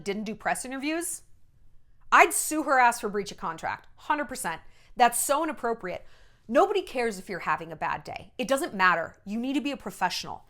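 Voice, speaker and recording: A woman in her thirties, once an entertainment journalist, talks through celebrity stories in a casual, blunt monologue. Her fairly high voice swings widely in pitch as she mocks the people she quotes. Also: a bit bright. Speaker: vlogger and former entertainment journalist.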